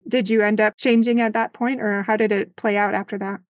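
A woman's voice: medium pitch, little pitch movement, brisk, no echo, studio quality. A woman hosting a podcast interview, affirming and reflective. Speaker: podcast host. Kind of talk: interview chat.

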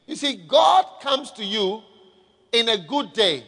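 A man's voice: extremely high pitch, expressive, a little slow, a bit bright, slightly rough. A man who is a pastor, preaching a sermon and calling on the congregation for responses. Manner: calls for audience response. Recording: echoey hall reverb.

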